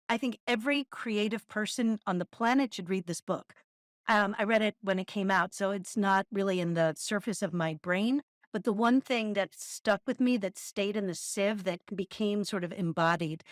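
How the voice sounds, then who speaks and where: A middle-aged woman co-hosting a podcast, animated and candid, with laughter and the odd swear word mixed into her stories. Her voice sits at a plain middle pitch. The recording is close and dry. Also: no room sound. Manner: lively, candid, laughs often, swears casually. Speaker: podcast co-host. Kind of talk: casual conversational storytelling.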